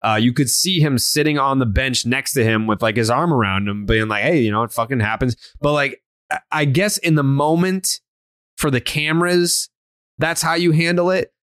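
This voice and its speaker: A man's voice: mid-range voice, moderate pace, a bit bright, smooth, dry recording, clean studio sound. A man hosting a casual sports podcast, blunt and swearing often, with many fillers and restarts. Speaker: podcast host.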